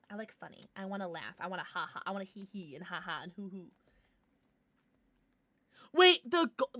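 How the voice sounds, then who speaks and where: A woman streamer chatting casually on a livestream, bubbly and excitable, swearing now and then. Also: mid-range voice, dry recording.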